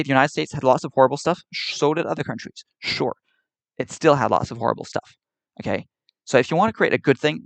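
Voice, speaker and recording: A man's voice: medium pitch, creaky, no echo. Exasperated man ranting at his stream chat. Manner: exasperated, argumentative, repetitive. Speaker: livestreamer.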